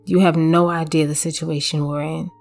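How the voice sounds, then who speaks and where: A woman voicing a weary, secretive husband who speaks in a flat, defensive way. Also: low voice, moderate pace, vocal fry, soft background music.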